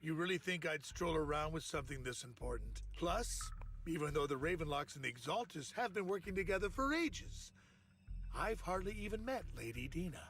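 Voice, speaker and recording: A scheming, smug dealer in a video game who talks in a sly, mocking way. His voice is fairly high for a man. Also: expressive, brisk, a bit bright, slight background noise. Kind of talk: game voice acting.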